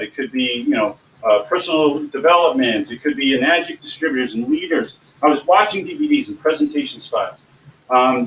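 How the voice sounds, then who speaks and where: A man coaching people on giving presentations in an informal teaching talk, animated and often swinging his voice up and down. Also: a little high. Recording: echoey room, distant mic, faint background hum.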